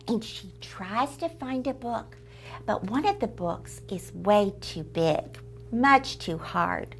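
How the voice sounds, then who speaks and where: Slow, lively woman reading stories to kids. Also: a little high, a little hiss or hum. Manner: expressive, sing-song reading, drops to a whisper at times. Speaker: host of a children's book club show. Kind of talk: storytelling to children.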